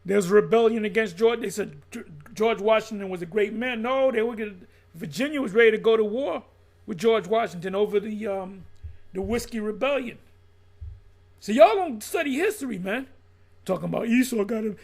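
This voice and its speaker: A middle-aged man with a high, gravelly voice, preaching in a blunt and profane way. He reads lines aloud, then riffs on them and calls out his listeners. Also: moderate pace. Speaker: religious teacher.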